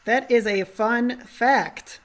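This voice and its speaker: A woman's voice: on the high side, slow. Enthusiastic woman podcast co-host. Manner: enthusiastic, loose, swears casually. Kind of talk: casual movie chat.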